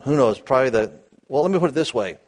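A man teaching the Bible verse by verse, animated, asking his listeners questions and acting out the quotes. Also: medium pitch, fast talker. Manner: animated, asks the audience questions, acts out quotes.

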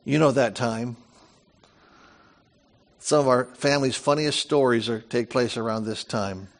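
A middle-aged man preaching a sermon, reading scripture aloud and breaking off into lively asides and family stories. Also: medium pitch, unhurried. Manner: animated storytelling, reads scripture with lively asides. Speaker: pastor.

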